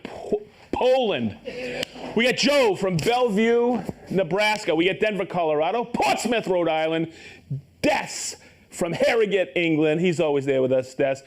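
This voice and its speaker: Brief: high, animated male host, upbeat and joking, calling out viewer shout-outs live. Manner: upbeat, reads viewer names and places, jokes and stumbles on pronunciations. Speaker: host of a live tool show.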